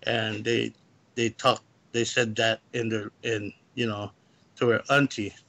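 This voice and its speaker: A man calling in as a guest, telling a personal story in a rambling, halting way. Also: on the low side, flat delivery, gravelly, a bit bright. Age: adult, lived in California. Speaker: guest caller. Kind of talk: casual storytelling.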